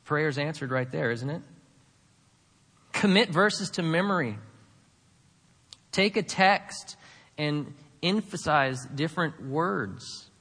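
A man's voice: a little high, expressive, slow, pauses often, a bit bright, husky, big-room sound. A man preaching a sermon, emphatic, with many rhetorical questions to the congregation. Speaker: pastor.

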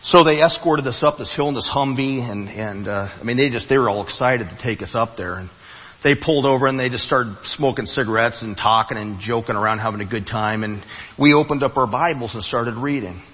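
A man preaching a sermon in a church, telling a story with halting restarts and rising emphasis. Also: medium pitch, breathy edge. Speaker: pastor. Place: church sanctuary. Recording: muffled, long hall reverb.

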